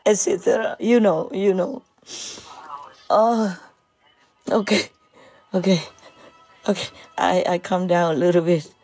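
Woman teacher, slow and halting delivery, gravelly fry in the voice, emotional spiritual address. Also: medium pitch, darkish tone, dry recording, low-quality recording. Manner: halting, with many pauses and fillers.

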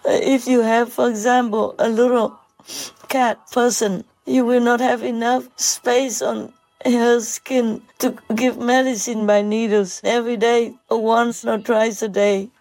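A woman giving a heartfelt moral talk, halting and emotional, with many pauses and fillers. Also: on the high side, flat delivery, darkish tone, no room sound.

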